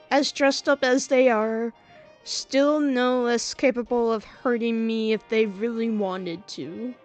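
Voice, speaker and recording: A woman streamer reading a story game aloud and reacting with giggles and chatty asides. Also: fairly high pitch.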